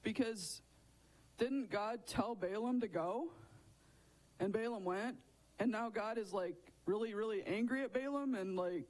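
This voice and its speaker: Higher-voiced man teaching kids a Bible story. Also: a little mellow, low-quality recording. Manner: chatty, asks the listeners questions. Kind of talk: children's Bible lesson.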